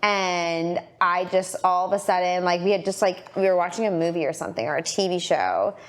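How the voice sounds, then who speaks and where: A woman chatting as a podcast guest, telling stories in a rambling, animated way with lots of fillers and restarts. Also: lowish voice, fairly quick. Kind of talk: casual interview chat.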